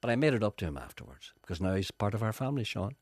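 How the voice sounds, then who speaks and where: Radio guy, husky low voice, bouncy animated talk, dry studio sound. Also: rapid-fire, no echo. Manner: animated, slips into mock voices. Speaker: radio presenter. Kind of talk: comic radio chat.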